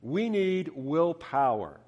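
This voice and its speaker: A preacher doing a sensible storybook frog. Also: male voice, fairly high pitch, big pitch swings, takes it slowly, a little mellow, highs cut off, exaggerated voice. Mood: earnest. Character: sensible male frog trying for willpower. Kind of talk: storybook reading in a sermon. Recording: reverberant hall.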